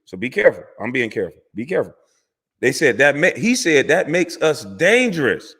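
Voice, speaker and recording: A man's voice: a little high, very animated, moderate pace, a bit bright, husky. A man, a former pro athlete, delivering a heated, profane, preachy rant to camera that repeats words for emphasis. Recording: long hall reverb.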